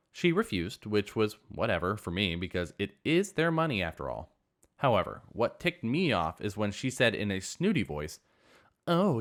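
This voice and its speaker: Lively low-voiced man narrating stories. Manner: animated, expressive reading. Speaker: story narrator. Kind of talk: reading online stories aloud.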